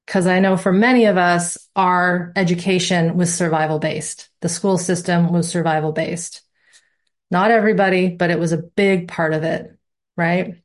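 Lower-pitched woman teaching a class. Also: steady tone, normal speed. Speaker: course instructor. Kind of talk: live online class talk.

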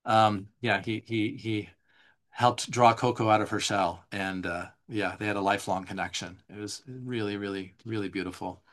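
A man leading a live somatic class, reading notes aloud and explaining them in a relaxed, conversational way, responding to viewer questions. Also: on the low side, normal speed. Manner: reads slides aloud, then explains in casual asides. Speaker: somatic teacher. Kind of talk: live online class teaching.

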